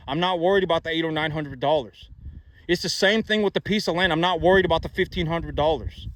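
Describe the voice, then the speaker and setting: Blunt guy lecturing on money, keeps saying right and you know, kinda high voice, noisy outdoor sound. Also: fast talker, a bit bright. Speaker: farmer and investment vlogger. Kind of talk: blunt opinion monologue. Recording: noisy background.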